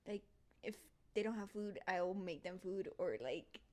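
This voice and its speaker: A young woman chatting casually on a podcast, soft-spoken and talkative, dropping in Spanish words now and then. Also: mid-range voice, unhurried. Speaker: podcast guest.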